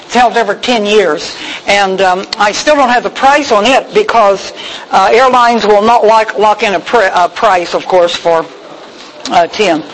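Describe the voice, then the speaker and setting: A woman's voice: medium pitch, a little slow, a little hiss or hum, rough recording. A woman speaking at a women's church gathering, telling a personal faith story in an emotional, folksy way with many fillers. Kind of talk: personal testimony talk.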